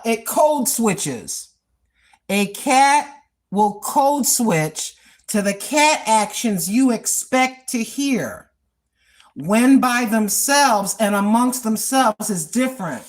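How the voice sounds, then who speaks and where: An older woman who vlogs on cooking and lifestyle talks in a relaxed, rambling monologue, repeating things and laughing at her own digressions. Her voice leans high and animated, and she takes her time.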